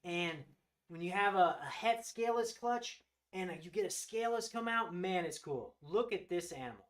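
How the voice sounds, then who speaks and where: A man with a notably high voice hosts a live-stream showcase. He talks with eager enthusiasm, praising each animal as he goes. He often circles back and restarts his sentences. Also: animated, normal speed. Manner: enthusiastic, gushing over animals. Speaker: host of a live reptile sales show.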